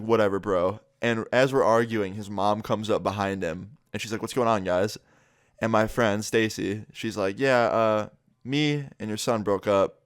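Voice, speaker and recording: A man's voice: lowish voice, clear, resonant tone, no echo, clean studio sound. A young man telling a story to his vlog audience in a casual way, acting out the lines of the people in it. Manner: animated retelling, acting out quotes.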